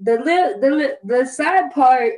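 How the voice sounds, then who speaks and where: A woman's voice: high voice, expressive, slow, a little mellow, low-quality recording. A young woman co-hosting a podcast, telling a rambling story in casual chat with lots of swearing and laughter. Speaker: podcast co-host.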